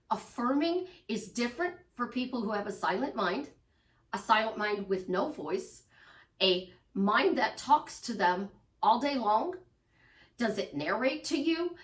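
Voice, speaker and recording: A woman life coach talking casually to her followers, emphatic and repetitive, sometimes acting out the voices in people's heads. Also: high voice. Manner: emphatic, repeats phrases, acts out inner voices. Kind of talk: casual monologue to camera. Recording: roomy echo, voice from a distance.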